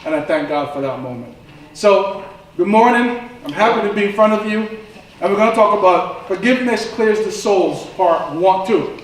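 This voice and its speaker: A man's voice: sits high, lively intonation, normal speed, slight background noise. A man preaching a sermon, telling stories in a conversational way that builds to impassioned moments. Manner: conversational storytelling, rising to impassioned. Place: church sanctuary. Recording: echoey church room from far off.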